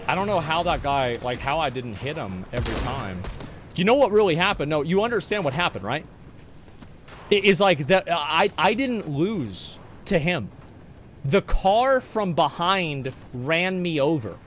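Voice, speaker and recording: A man streaming a video game live, frustrated and profane, arguing with his chat and bursting into shouts between muttered lines. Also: fairly high pitch, very animated, measured pace, slight background noise. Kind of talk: live gameplay commentary, talking to chat.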